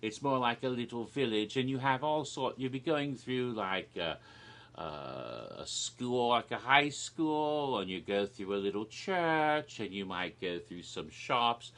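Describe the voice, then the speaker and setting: A video creator delivers a comedic monologue about made-up haunted houses. His voice is medium-pitched, bright and tense, and he talks slowly, rambling with absurd deadpan humor and frequent restarts.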